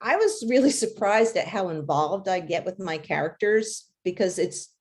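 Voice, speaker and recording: Chatty woman author, lowish voice. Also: lively intonation, moderate pace, a little mellow. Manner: chatty, many fillers and light laughs. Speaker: children's author. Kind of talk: casual interview answers.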